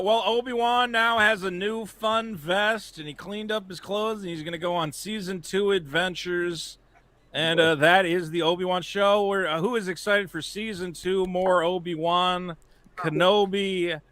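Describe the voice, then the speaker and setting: A man hosting a casual podcast, joking and animated, with loud bursts when he mimics people. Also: high voice, unhurried. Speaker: podcast host. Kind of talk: casual chat.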